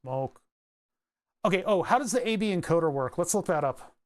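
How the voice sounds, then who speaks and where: A man's voice: high-pitched, expressive, normal speed. A man chatting casually on a livestream from his home workshop, rambling and often restarting his sentences. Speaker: streamer.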